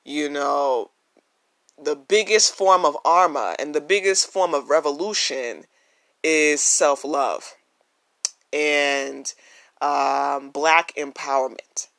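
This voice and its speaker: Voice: medium pitch, takes it slowly, vocal fry, fairly bright tone. A podcast host talking earnestly and emphatically in a casual solo monologue, recorded on a phone with no microphone. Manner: earnest and emphatic, repeats key phrases.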